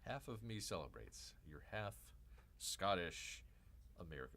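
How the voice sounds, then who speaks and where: A livestream host gives casual, joking commentary, rambling through asides, repeating himself and referring to himself in the third person as Bear. His voice is low and animated, a little slow, with a sharp tone.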